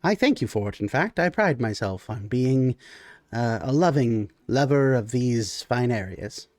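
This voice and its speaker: A man's voice: mid-range voice, expressive, measured pace, a little mellow, no echo, clean studio sound, close to an everyday voice. A man voicing a small, stout male gnome merchant who speaks formally and courteously.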